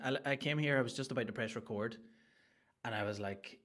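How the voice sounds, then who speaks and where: A man hosting a solo comedy podcast, ranting in a crude, rambling and excitable way. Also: mid-range voice, brisk. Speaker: podcast host.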